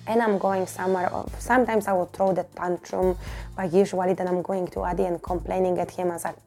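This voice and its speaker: Woman in her 30s, raspy low-key mellow voice, open and emotional, faint music behind. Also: little pitch movement, brisk. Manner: candid, emotional, restarts and repeats words. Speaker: podcast host and fitness coach. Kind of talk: personal podcast monologue.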